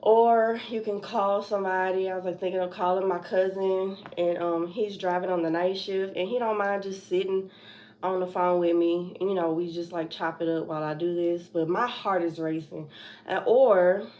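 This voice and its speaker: A woman's voice: on the low side, fairly even intonation, normal speed, a little mellow, slight background noise. Nervous, rambling young woman livestreaming. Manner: nervous, rambling, laughing, sighing. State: anxious. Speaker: trucking vlogger. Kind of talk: casual livestream chat.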